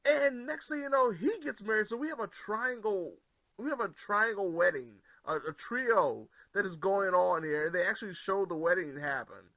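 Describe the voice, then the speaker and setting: An excitable male co-host reacts quickly and keeps repeating his agreement in a casual podcast chat. His voice is high and bright, with a forceful edge. The sound is dry, with no room around it. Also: no echo. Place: home.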